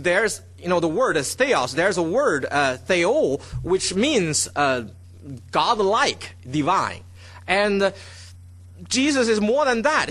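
Animated man teaching Bible study. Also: high voice. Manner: keeps checking in with the listeners; stresses key words, repeats for emphasis.

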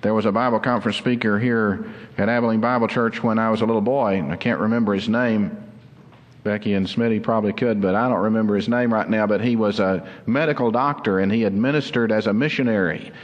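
A man preaching a sermon as pastor, earnest and explanatory, slowing down to stress key words. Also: on the low side, fairly even intonation, big-room sound, muffled recording. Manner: earnest, explanatory, slows down for emphasis.

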